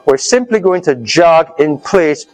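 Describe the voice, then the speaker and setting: A health speaker leading a live workshop coaches his audience through an exercise, checking in as he goes and loudly urging them on while out of breath. His voice is fairly high with lively intonation and a slightly slow pace, and the audio is poor.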